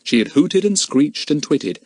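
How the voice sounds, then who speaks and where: A man reading a children's adventure novel aloud as narrator, in a steady storytelling manner. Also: fairly high pitch, a little slow, no room sound, studio quality. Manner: steady storytelling, shifting into character voices. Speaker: audiobook narrator. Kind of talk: scripted narration.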